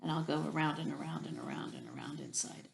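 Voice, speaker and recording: Gravelly, low-voiced preschool teacher. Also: female voice, huge pitch swings, fast, noisy background. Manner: gentle, warm-paced and encouraging with children. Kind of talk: children's story time reading.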